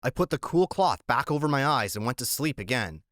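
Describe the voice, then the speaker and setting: A man's voice: mid-range voice, dry recording. Man reading a novel, dry close sound. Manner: measured, even storytelling. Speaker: audiobook narrator. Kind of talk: audiobook narration.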